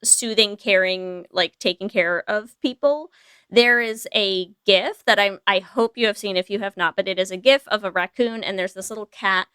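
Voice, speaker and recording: An American woman co-hosting a podcast, chatting and telling stories in an animated, playful way. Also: medium pitch, moderate pace, clean tone, no echo. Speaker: podcast co-host. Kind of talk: casual podcast chat.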